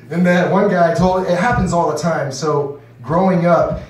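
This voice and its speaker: A man's voice: high-pitched, normal speed. A man doing his first stand-up set, rambling loosely with lots of "you know" and acting out voices. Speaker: stand-up comedian. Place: comedy club stage. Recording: echoey room, distant mic.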